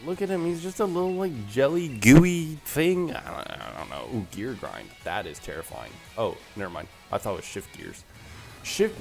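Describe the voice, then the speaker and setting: A man commentating his gameplay in a playful, joking way. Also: medium pitch. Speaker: let's play host.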